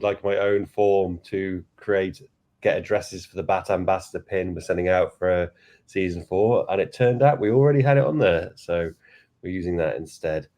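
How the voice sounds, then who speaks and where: A man's voice: on the low side, warm tone. A man giving plain, matter-of-fact updates on an ambassador program during a casual community call.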